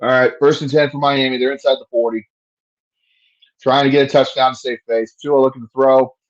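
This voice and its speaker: A man's voice: mid-range voice, little pitch movement, brisk, lo-fi sound. A man giving casual play-by-play commentary on a fan livestream, profane and frustrated, ranting between plays.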